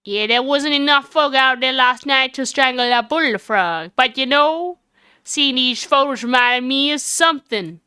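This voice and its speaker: A woman's voice: high voice, measured pace, sharp tone, clean tone, dry recording, studio quality. A woman voicing a brash, folksy woman photographer with a Southern accent, reading game dialogue aloud. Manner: drawling, homespun sayings.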